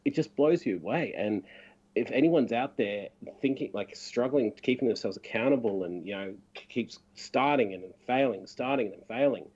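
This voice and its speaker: Husky, earnest man on a podcast. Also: mid-range voice, normal speed, darkish tone, muffled recording. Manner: earnest, encouraging, lots of "like" and "you know". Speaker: podcast co-host, vlogger. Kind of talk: casual live podcast chat.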